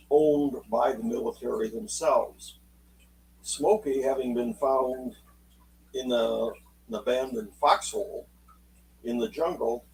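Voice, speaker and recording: A man telling a true story aloud in an unhurried, folksy way, voicing the people in it as he goes. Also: mid-range voice, warm tone, distant mic, rough recording. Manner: unhurried, folksy, acts out quotes in dialogue. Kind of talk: spoken oral storytelling.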